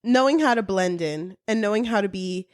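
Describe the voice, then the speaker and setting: A woman's voice: medium pitch, fairly quick. A young woman co-hosting a book podcast, ranting bluntly and swearing often in casual chat. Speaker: podcast co-host.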